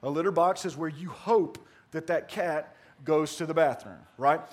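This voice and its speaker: A man giving a conversational sermon, swinging from loud emphatic bursts to hushed asides and often saying "man". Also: on the high side, normal speed. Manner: conversational preaching with repeated "man". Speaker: pastor.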